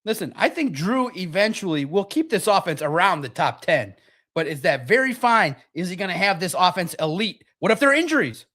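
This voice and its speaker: Chatty guy doing a sports reaction stream, slightly high voice, acts out little bits. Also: fairly quick. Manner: animated, acts out quotes, laughs often. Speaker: sports talk show host.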